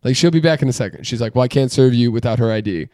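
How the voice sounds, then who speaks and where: A man, co-hosting a casual podcast, animated, swearing, his voice jumping up when he gets riled. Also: medium pitch, rapid-fire, no room sound, studio quality. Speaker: podcast co-host. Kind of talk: casual chat.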